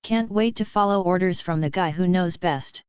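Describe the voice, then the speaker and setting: Restless teasing young woman, read by a woman narrator, mocking, smooth low voice. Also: moderate pace, darkish tone, no echo, highs cut off, natural voice.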